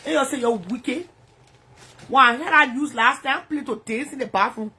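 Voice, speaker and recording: High, sharp-voiced woman ranting. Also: moderate pace, husky. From Liberia. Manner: angry, profane, repetitive ranting. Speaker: social media personality. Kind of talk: profane ranting livestream. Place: bedroom.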